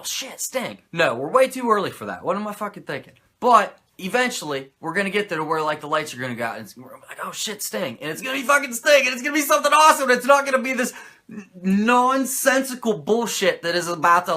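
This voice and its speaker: A male host running through a comedic wrestling recap, profane and sarcastic throughout. His voice is high and bright, with a pitch that swings all over.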